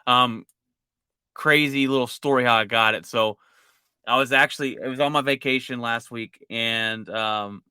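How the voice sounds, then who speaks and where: Bright, crisp-voiced man hosting a podcast. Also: mid-range voice, normal speed, no echo. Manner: animated storytelling. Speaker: podcast co-host. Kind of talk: casual chat.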